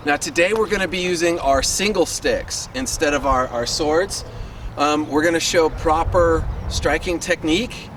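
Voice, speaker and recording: A man coaching a sword fighting class outdoors in his neighborhood, upbeat and encouraging, counting out reps, a little winded. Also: a little high. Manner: upbeat and encouraging, chatty with fillers. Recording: distant mic with loud street noise.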